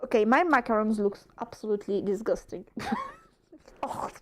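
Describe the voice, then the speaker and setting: A woman's voice: mid-range voice, moderate pace, no echo, faint music behind. A young French woman streaming from home, chatting casually while she crafts, swearing freely and laughing often. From France.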